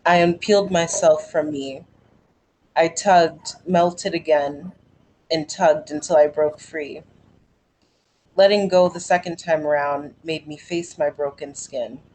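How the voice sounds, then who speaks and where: Slow, low-voiced woman reading a poem. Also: fairly even intonation, darkish tone, poor audio. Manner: slow, measured, deliberate. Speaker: performer at an open mic.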